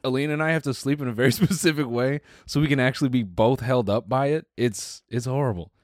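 A man's voice: medium pitch, quick pace, no room sound, clean studio sound. A man co-hosting a podcast, chatting in a casual, slangy way and telling stories from school. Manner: casual, slangy storyteller who says "bro" and "dude". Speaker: podcast co-host.

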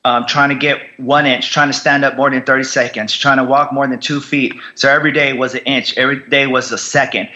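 A man's voice: mid-range voice, level tone, fairly quick, hardly any pauses, sharp tone, muffled recording. A man telling his story as a podcast guest, raw, blunt and heavily profane. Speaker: podcast guest, combat veteran. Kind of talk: candid interview storytelling.

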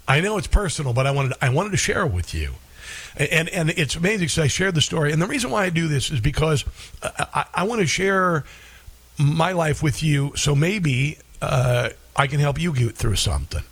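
A middle-aged man hosting a talk radio show, sharing a heartfelt personal story in a halting way, often restarting his sentences. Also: fairly high pitch, breathy edge.

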